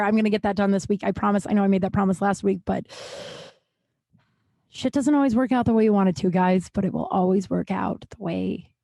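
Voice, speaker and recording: A woman in her thirties hosting a casual solo podcast from a small closet, rambling, swearing and bursting into excitement. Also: on the high side, no room sound, clean studio sound. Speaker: podcast host.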